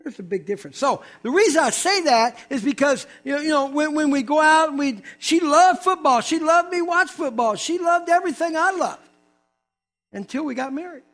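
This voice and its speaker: An older man preaching, telling a humorous personal testimony with animated storytelling and quick asides. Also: very high voice, soft background music.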